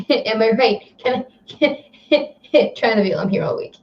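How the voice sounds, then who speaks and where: A woman co-hosting a casual stream chat, giggly and teasing, with quick banter. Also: on the high side, animated. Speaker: co-host. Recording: slightly dull lo-fi audio.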